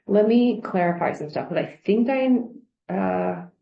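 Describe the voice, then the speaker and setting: Gravelly woman asking clarifying questions. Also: mid-range voice, expressive, unhurried, roomy sound, lo-fi sound. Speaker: workplace investigator. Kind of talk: recorded workplace interview.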